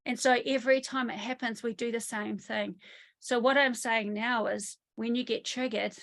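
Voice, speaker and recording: A woman working as a trauma therapist, speaking in an online interview from her country home over a video call, telling lively stories and acting out what people said. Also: fairly high pitch, moderate pace. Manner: lively storytelling, often acts out quotes.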